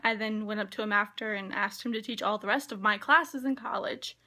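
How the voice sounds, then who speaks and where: Bright-voiced excited young woman vlogger. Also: mid-range voice, a little fast. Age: young adult. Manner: gushing, excited, many "like" fillers. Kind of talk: casual vlog.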